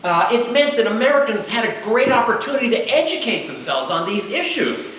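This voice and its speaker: A man giving an author's book talk to an audience in a church meeting house, with dry humor and frequent "uh" pauses. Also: very high-pitched, big pitch swings, a bit bright. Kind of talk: public lecture with read-aloud quotes. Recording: very echoey hall, distant mic, faint noise.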